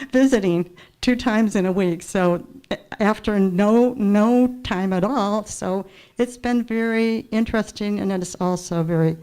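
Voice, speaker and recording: A woman's voice: on the low side, mellow. A woman telling a personal story to a church gathering, acting out the dialogue and laughing often. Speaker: congregation member sharing a story.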